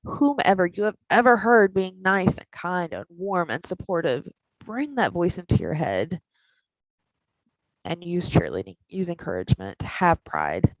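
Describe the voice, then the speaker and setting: A woman therapist teaching a skills class in a candid, animated, conversational way. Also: lowish voice, a little slow, no room sound. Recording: dull lo-fi recording.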